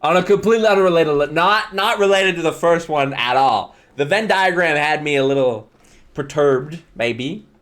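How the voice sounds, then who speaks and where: A man's voice: on the high side, moderate pace, a bit bright. A young man streaming live, reading viewer slides aloud and reacting with wry, bemused asides and chuckles. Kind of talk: casual live-stream commentary.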